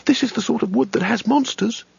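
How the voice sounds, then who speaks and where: A man's voice: very high voice, a little fast, gravelly, a little mellow, husky, no room sound, lo-fi sound, voice pushed up, full character voice. A man voicing a frightened young male wizard in a storybook. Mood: nervous. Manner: nervous, anxious.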